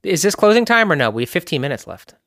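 A man's voice: fairly high pitch, sing-song, quick pace, a bit bright, no echo. A man co-hosting a casual rewatch podcast with wry, dry-humored commentary. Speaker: podcast co-host.

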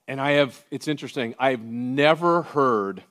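A male pastor delivering a sermon in a mid-range voice. He drops to near-hushed, intimate tones, then climbs to loud, emphatic declarations. He talks casually to the congregation with joking asides. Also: medium pitch, moderate pace.

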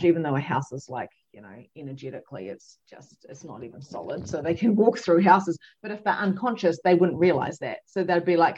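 A woman, a psychic medium and podcast guest, telling a story in an animated, emphatic way with many fillers. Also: on the low side, highs cut off. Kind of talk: casual storytelling chat.

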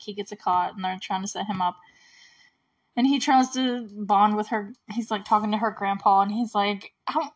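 A woman casually recapping a movie, chatty and full of "like", with small laughs and frequent throat clearing. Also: medium pitch. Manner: often clears her throat.

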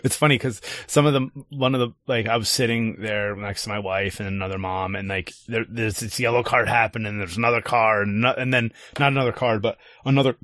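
A man's voice: fairly low pitch, steady tone, a little fast, few pauses, fairly bright tone, no room sound, clean studio sound. A middle-aged man and youth soccer coach telling a story in a casual chat, rambling with restarts and quoted asides.

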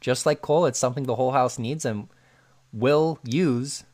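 A man's voice: mid-range voice, moderate pace, a little mellow. Chatty man with many fillers. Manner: filler-heavy, laughs often. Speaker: podcast co-host. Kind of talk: casual chat.

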